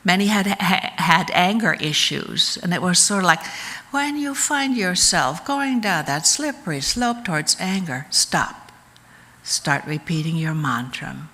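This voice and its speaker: A woman giving a calm, measured teaching talk at a church service, explaining spiritual practices in an unhurried way. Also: on the low side. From United States.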